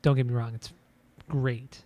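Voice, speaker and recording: A man co-hosting a podcast, giving a casual album review in halting speech full of restarts and fillers. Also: medium pitch, flat delivery, mellow, no room sound. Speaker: podcast co-host. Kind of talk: casual music review chat.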